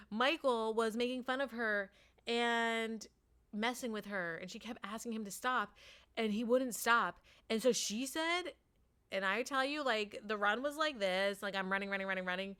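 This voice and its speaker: Brief: casual storyteller mom, bright and smooth voice, chatty, acts out dialogue. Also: female voice, fairly high pitch, normal speed. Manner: chatty, acts out quotes, many "like" fillers. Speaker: parent telling a story.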